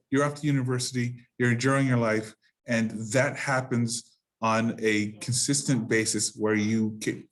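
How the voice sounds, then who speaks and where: A man teaching an online class over a video call, speaking haltingly with restarts and rhetorical questions. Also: mid-range voice.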